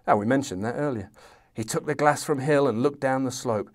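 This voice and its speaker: A man's voice: medium pitch, brisk. A man hosting a history podcast, reading aloud from a novel and chatting with enthusiasm. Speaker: podcast host.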